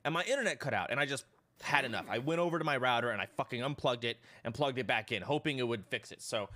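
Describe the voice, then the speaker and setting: A man live streaming, telling his chat a rambling, profane story in a casual, animated way. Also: mid-range voice, quick pace.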